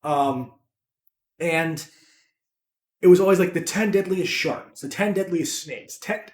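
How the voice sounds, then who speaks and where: A man co-hosting a casual podcast, his voice fairly high and swinging lively up and down. He rambles through profane jokes. The room is echoey. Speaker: podcast co-host. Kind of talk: casual chat.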